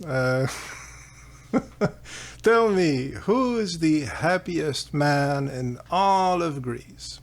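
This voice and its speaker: Man doing a pompous rich king in a retold legend, indignant, gravel in the voice. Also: on the high side, expressive, very slow, long pauses, exaggerated voice. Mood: boastful. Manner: indignant, boastful. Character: arrogant rich ancient male king.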